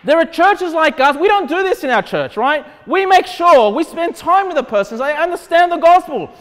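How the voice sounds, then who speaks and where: A man's voice: very high-pitched, expressive, normal speed, a bit bright. A man with an Australian accent preaching a sermon as pastor, conversational and then emphatic. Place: church hall. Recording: long hall reverb.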